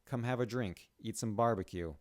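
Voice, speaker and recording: A man's voice: on the low side, moderate pace, natural voice. A man playing a smug young man who taunts and gloats over a beaten rival.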